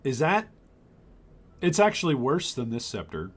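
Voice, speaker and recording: Lively older man streaming a game. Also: medium pitch, measured pace, slightly rough. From Michigan. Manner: chatty, reads chat aloud, bursts of excitement. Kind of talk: live gameplay commentary.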